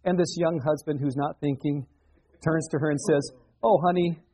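A middle-aged man preaching with a slightly husky, mellow tone. He talks to his listeners conversationally and asks them rhetorical questions. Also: a little high, fairly even intonation, normal speed, low-quality recording. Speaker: pastor. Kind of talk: sermon.

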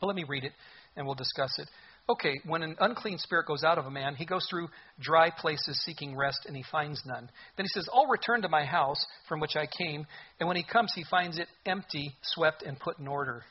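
A man preaching a sermon in an animated way, with sudden loud bursts and mocking asides. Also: a little high, brisk, husky, dull audio. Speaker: pastor.

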